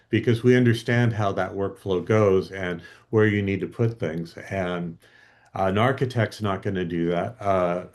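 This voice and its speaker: A man with a very deep voice explains his work as a guest in an interview. He talks plainly and steadily, walking through practical examples. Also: darkish tone. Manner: plain-spoken, explanatory, with acted-out quotes. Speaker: guest IT expert.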